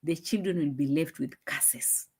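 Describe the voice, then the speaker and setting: A young woman hosting a casual live stream, chatting and laughing, dropping into low asides, on a phone mic. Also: unhurried, darkish tone, slightly rough.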